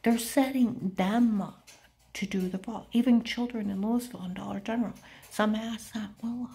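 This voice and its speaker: Woman, middle pitch, warm and mellow tone, urgent rambling talk that drifts in and out of whispers. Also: normal speed, a little hiss or hum. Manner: drops often into an unvoiced whisper. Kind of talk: rambling spoken monologue.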